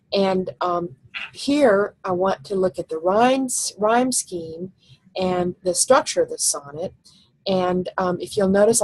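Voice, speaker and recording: A woman's voice: on the low side, breathy edge, dry recording, low-quality recording. A woman teacher giving a recorded slide lecture, explaining step by step and thinking aloud with fillers.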